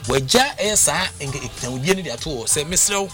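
A man with a Ghanaian accent hosting a radio talk show, telling stories in a lively, sing-song way and mixing Twi with English. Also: fairly high pitch, quick pace. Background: music bed.

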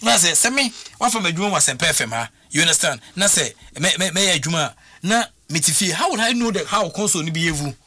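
A man speaks on talk radio in an animated, questioning way. His voice is very bright and sits a little high for a man. He keeps checking that his listeners follow him. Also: brisk, few pauses, no room sound, clean studio sound. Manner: animated, code-switching, repeats "you understand?". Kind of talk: casual talk radio commentary.

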